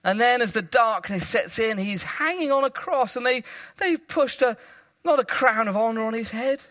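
A man preaching a sermon with dramatic emphasis, rising to loud peaks and dropping to hushed low phrases. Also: expressive, normal speed.

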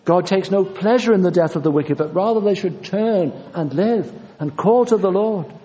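Earnest preacher in a hall. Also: male voice, high voice, normal speed, dark tone. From Yorkshire, England. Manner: earnest, insistent, repeating phrases for emphasis. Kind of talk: sermon. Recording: long reverb of a large hall.

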